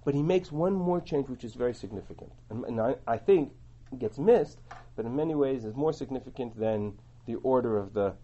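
A man teaching a Torah class, explaining and translating verses in an animated way, on a dull lo-fi recording. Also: mid-range voice, brisk, hardly any pauses.

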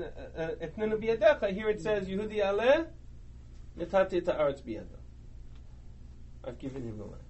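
Animated man teaching a text class. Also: sits high, slight background noise. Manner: animated, reads Hebrew and Aramaic then translates.

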